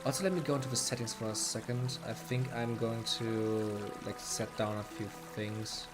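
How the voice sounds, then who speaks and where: A man with a German accent giving easygoing gameplay commentary in an ordinary mid-range voice. He muses aloud about his choices and laughs easily. Soft game music plays behind him. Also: mid-range voice, fairly even intonation, normal speed. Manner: chatty, laughs often, thinks aloud. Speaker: streamer.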